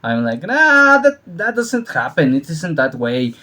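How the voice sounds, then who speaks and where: A man, probably middle-aged, giving a casual, profane opinion monologue, laughing a lot and acting out scenes with shouted voices. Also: a little high, wildly swooping pitch, unhurried. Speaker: vlogger.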